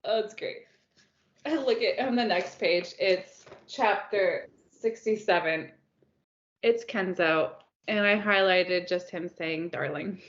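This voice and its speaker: A woman with a mid-range voice speaks slowly as a podcast co-host, chatting casually about books, telling stories and laughing often. The recording sounds roomy, dull and lo-fi.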